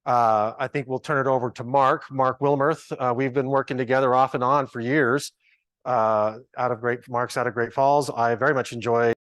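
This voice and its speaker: A man facilitating a training session in a loose, joking way, thinking aloud and teasing the room. His voice sits at an average pitch and sounds dry and close. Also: fairly even intonation, moderate pace, fairly bright tone, no room sound. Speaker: workshop trainer. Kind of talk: informal workshop facilitation. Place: large ballroom with a live audience.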